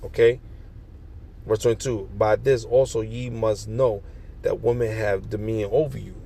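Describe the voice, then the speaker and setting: A man's voice: lowish voice, fairly even intonation, normal speed, gravelly, warm tone, slight background noise. A man reading scripture verse by verse and explaining it in slangy, profane street talk. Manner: reads verses then riffs in slangy, profane commentary. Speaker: street preacher.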